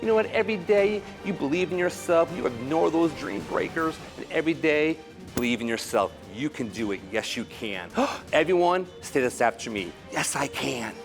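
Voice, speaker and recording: Animated man leading a children's assembly. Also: fairly high pitch, moderate pace, vocal fry. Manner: animated and exclamatory, leading chants. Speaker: motivational school assembly speaker. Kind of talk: energetic speech to children with call-and-response. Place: school assembly. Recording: background music under the voice. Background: music.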